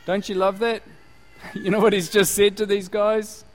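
A man's voice: high voice, little pitch movement, normal speed, poor audio. A man from New Zealand preaching a sermon with energy, laughing and slipping into put-on voices to make his points. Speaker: pastor.

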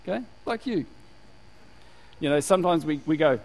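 A man's voice: a little high, animated, moderate pace, a little mellow, low-quality recording. A man from New Zealand preaching a sermon with energy, laughing and slipping into put-on voices to make his points. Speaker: pastor.

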